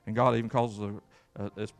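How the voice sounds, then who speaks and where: Gravelly preacher man. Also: fairly low pitch, level tone, moderate pace, faint music behind. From Kentucky. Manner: folksy, emphatic preaching with repeated words and call-outs. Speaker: pastor. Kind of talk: sermon.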